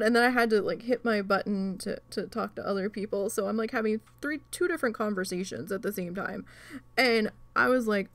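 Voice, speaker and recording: A woman telling a story in a casual chat while crafting, animated and swearing often. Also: medium pitch, moderate pace, dry recording. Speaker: channel host.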